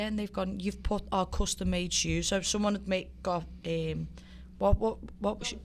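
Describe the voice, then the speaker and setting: A woman in her thirties from Liverpool, a professional fighter appearing as a guest, tells lively stories in a casual chat with a Scouse accent, swearing freely and acting out quotes. Her medium-pitched voice keeps a moderate pace with hardly any pauses, and there's a little hiss or hum.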